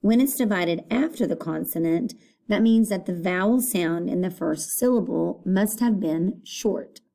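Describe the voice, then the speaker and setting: A woman's voice: on the low side, unhurried, gravelly, mellow. A woman teaching an elementary phonics lesson, patiently saying each word aloud and repeating it for young children.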